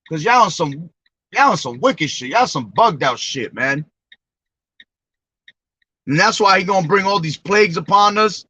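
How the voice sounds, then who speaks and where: A man's voice: sits high, expressive, moderate pace, pauses often, sharp tone, husky, no echo. A man preaching informally, reading scripture aloud between profane, slangy, emphatic remarks. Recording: dull lo-fi dry recording.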